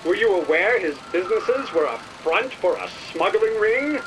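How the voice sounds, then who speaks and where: A man's voice: high voice, sing-song, moderate pace, recorded from a distance, music in the background, rough recording. An actor playing a slick male radio announcer who asks insinuating rhetorical questions in an old-time broadcast.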